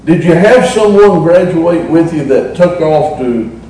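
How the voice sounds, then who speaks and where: A middle-aged man with a Southern Appalachian accent preaches as pastor in a church sanctuary, folksy and humorous, drawing out his words for emphasis. His voice is a little high, animated and mellow, and slightly slow. The echoey recording, made with the mic at a distance, has a little hiss or hum.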